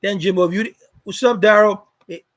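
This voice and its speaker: Male live streamer with a high voice, chatting casually and greeting viewers by name. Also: steady tone, a little fast, a bit bright, low-quality recording. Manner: loose, greets viewers by name, repeats words.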